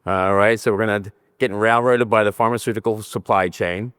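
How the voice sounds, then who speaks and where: An older man from New Jersey delivers a conference talk in a lowish voice, animated and joking, gesturing as he speaks. The sound is dry and close, with no room echo. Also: a little fast, clear, resonant tone. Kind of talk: conference presentation.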